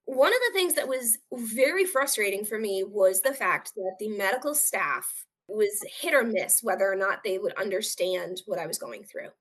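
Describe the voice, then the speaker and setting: Appearing as an interview guest, a woman shares a painful personal story in an earnest, open way, frequently acting out the words of other people. Her mid-range voice has lively intonation and a fairly bright tone, moving at a normal speed with hardly any pauses.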